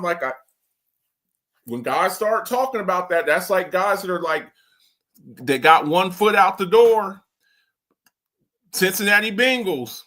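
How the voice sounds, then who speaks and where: Male podcast host, high bright voice, rambling and fired-up sports takes. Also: measured pace, long pauses. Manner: animated, rambling, repeats himself, swears casually. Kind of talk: casual sports talk commentary.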